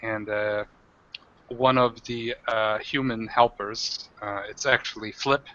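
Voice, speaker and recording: A man's voice: fairly low pitch, fairly even intonation, slow pace, sharp tone, muffled recording, a little hiss or hum. A man narrating as game master of a tabletop game, in a rambling way with many fillers.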